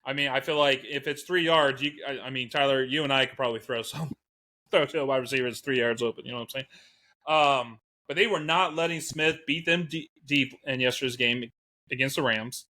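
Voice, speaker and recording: Bright, lively man co-hosting a casual chat. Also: medium pitch, fairly quick. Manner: animated, laughs often, reads out stats. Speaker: co-host.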